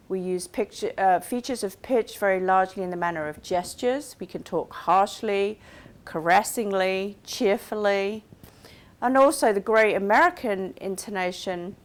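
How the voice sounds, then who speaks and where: A woman delivers a recorded university course lecture. She speaks clearly and steadily in a mid-range voice, explaining ideas step by step with the odd restart. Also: mid-range voice.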